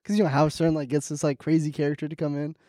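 A man's voice: a little high, flat delivery, rapid-fire, warm tone, dry recording, studio quality. A young man co-hosting a podcast in loose, laughing, swearing casual chat. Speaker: podcast co-host.

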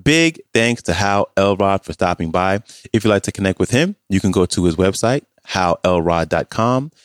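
A man's voice: low voice, lively intonation, moderate pace, smooth, no echo, clean studio sound. A man hosting a podcast, reading out links and book titles in a scripted outro. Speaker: podcast host.

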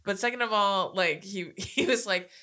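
A woman's voice: medium pitch, moderate pace. A woman co-hosting a podcast, telling stories in casual chat and acting out the people she quotes. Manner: animated storyteller, acts out quotes, swears. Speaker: podcast co-host.

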